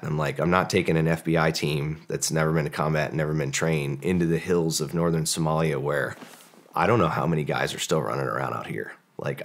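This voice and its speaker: With a bass voice, a man who once served as a special forces operator rambles through a long story on a casual podcast interview. He uses many fillers and acts out the dialogue.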